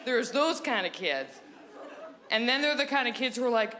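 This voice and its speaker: A woman in her thirties performing a goofy stand-up set on a theatre stage into a handheld microphone, slipping into squeaky and whispery character voices. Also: animated, normal speed, crowd noise. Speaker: stand-up comedian. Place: comedy theatre stage with audience. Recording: live theatre recording with audience noise.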